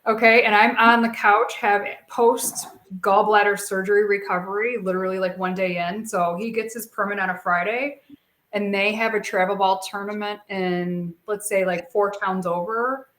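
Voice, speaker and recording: A middle-aged woman shares her life story in an animated, open way. She jumps into the voices of the people she quotes, swinging from hushed to loud. Her pitch sits in the middle for a woman. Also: moderate pace, slight background noise. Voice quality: expressive, animated storyteller who acts out quotes. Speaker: guest, speaker and coach. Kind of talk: emotional personal storytelling.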